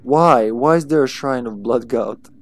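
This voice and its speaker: A man's voice: medium pitch, a little slow, faint music behind. A man streaming a game, chatting casually, swearing freely and yelping when his character is hit. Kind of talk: casual gameplay commentary.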